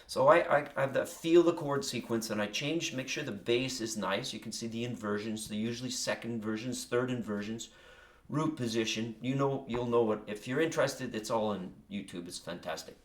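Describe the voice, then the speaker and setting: In a mid-range voice at a moderate pace, a man gives a casual spoken walkthrough of his songwriting process. He rambles, often breaks off mid-thought, and drifts into musing asides.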